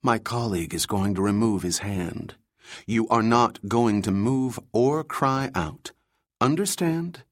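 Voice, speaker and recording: A man's voice: lowish voice, no echo, clean studio sound. A man voicing a wry young woman operative. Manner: sarcastic, quick quips.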